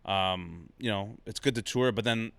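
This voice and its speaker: A male stand-up comedian chatting as a podcast guest, relaxed and reflective, often repeating words as he thinks. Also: fairly low pitch, normal speed, gravelly, no echo. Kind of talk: casual podcast chat.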